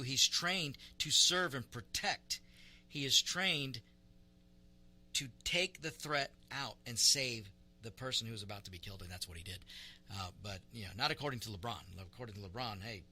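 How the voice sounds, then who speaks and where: A man's voice: mid-range voice, normal speed, pushed and bright. A man hosting a talk radio show. He gives opinionated commentary in an emphatic way and often repeats words as he restarts.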